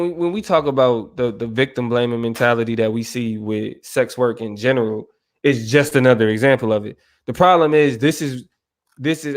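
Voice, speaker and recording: A man co-hosting a casual podcast discussion, talking emphatically and checking in with his listener. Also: medium pitch. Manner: emphatic, keeps asking "you feel me". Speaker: podcast co-host.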